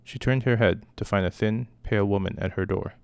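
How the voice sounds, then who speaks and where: A man giving a steady, measured scripted narration of a story with a gravelly voice. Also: fairly low pitch, no room sound. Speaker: audiobook reader.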